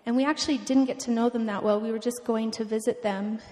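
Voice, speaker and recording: Young woman sharing a heartfelt mission story, earnest and halting, echoing hall. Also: a little high, fairly even intonation, darkish tone. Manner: emotional, earnest, halting with restarts. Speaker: mission testimony speaker. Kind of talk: personal testimony talk. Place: church event hall. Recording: long hall reverb.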